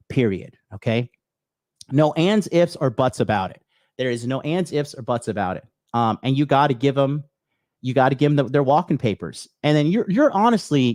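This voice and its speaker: A man's voice: medium pitch, a little mellow, no room sound, studio quality. A man hosting a livestream, giving blunt dating advice full of swearing, calling his viewers bros and answering chat messages. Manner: blunt and profane, heavy swearing; addresses viewers as bros, reads chat aloud. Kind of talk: unscripted livestream rant.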